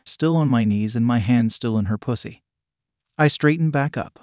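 A man narrating an erotic story in the first person with a steady, unhurried reading. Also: mid-range voice, no echo, clean studio sound.

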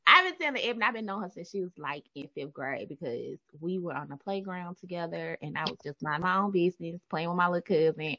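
A woman with a Memphis Southern accent, co-hosting a casual podcast, talking in a lively, playful way and laughing often. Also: fairly low pitch, fast talker, hardly any pauses, no echo. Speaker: podcast co-host, therapist.

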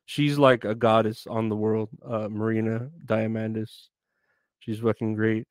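A man's voice: lowish voice, little pitch movement, measured pace, no room sound, clean studio sound. A man hosting a live stream, rambling and joking between bits of song. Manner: rambling, joking, breaks into sung snippets.

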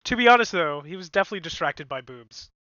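A man's voice: on the high side, animated, quick pace, bright, forceful tone, dry recording, muffled recording. A man co-hosting a podcast in casual, wry, sarcastic chat. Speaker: podcast co-host.

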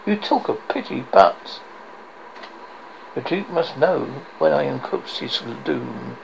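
A silky, mocking old baron, as a man reads him aloud, cruel and scheming. The voice is very gravelly and rises and falls a lot. It comes across as a storybook reading rather than a full performance. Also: fairly high pitch, animated, slow, slight background noise, exaggerated voice, low-quality recording.

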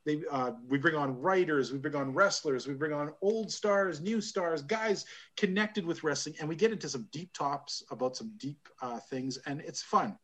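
A man's voice: on the high side, moderate pace, few pauses, a bit bright. A man hosting a casual wrestling podcast, rambling and laughing often. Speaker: podcast host. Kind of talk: casual chat.

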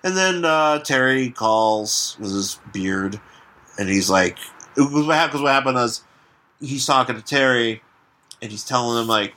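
A man's voice: mid-range voice, expressive, a little slow, pushed and bright. A man co-hosting a podcast, chatting casually about comics, rambling with lots of fillers and casual swearing. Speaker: podcast co-host. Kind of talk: casual comic-book chat.

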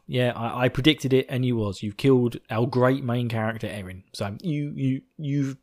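Male podcast host, mid-pitched, giggly, rambling and profane, over-caffeinated. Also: moderate pace, few pauses, a little mellow. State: buzzing on coffee. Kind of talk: casual episode recap.

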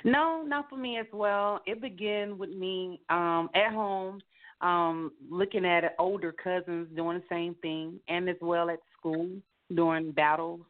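A woman's voice: lowish voice, steady tone, measured pace. A woman rapper and singer, answering interview questions casually with many fillers. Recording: tinny phone line.

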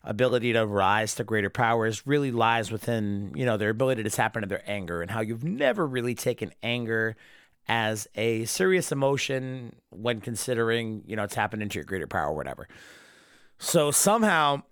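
A man's voice: on the low side, lively intonation, fairly quick, fairly bright tone, clear, resonant tone, no room sound, clean studio sound. A drunk man ranting alone about an episode he disliked, angry and full of swearing. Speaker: anime reviewer. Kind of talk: solo episode review rant.

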